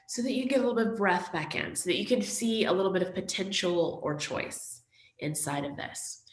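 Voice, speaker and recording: A woman instructor calmly guiding a tapping exercise, reading example statements slowly and gently. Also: lowish voice, roomy sound. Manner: calm, gentle, with slow spoken example statements. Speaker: mindfulness instructor.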